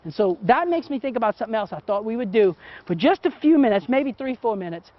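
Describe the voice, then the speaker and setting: A man's voice: very high voice, very animated, fast talker. A middle-aged man teaching photography while he works, talking casually and often checking in with "okay?". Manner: chatty, keeps asking "okay?". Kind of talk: hands-on teaching demo. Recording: dull, muffled sound.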